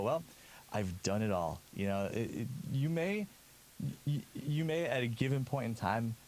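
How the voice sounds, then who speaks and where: A man's voice: mid-range voice, slight background noise. A man hosting a casual radio show from a garage studio, rambling with restarts and dry jokes.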